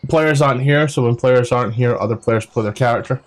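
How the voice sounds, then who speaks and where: A Scottish man in the dungeon master's seat recaps the last session in a loose, rambling way, peppered with ums and the odd swear. His voice sits at an ordinary middle pitch. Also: fast. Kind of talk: casual tabletop game recap.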